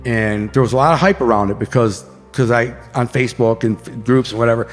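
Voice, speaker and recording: A man's voice: medium pitch, fairly quick, big-room sound, soft background music. Rambling storyteller man with slangy talk. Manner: loose, rambling, slangy with many restarts. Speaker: interview guest, author. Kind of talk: casual storytelling.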